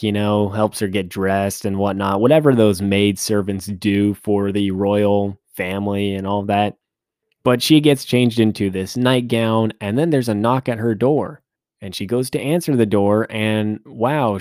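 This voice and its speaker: A man's voice: lowish voice, darkish tone, no echo, studio quality. A man hosting a podcast, recapping a movie in a casual, joking way with rambling asides. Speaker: podcast host.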